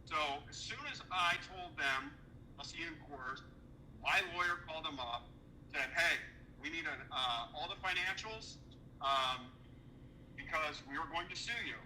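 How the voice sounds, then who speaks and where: A man's voice: fairly high pitch, unhurried, bright, forceful tone, slight background noise, low-quality recording. A man telling a heated story as a podcast guest, cursing often and acting out the dialogue he quotes. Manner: profane, indignant, acts out quoted dialogue. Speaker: podcast guest recounting a business dispute.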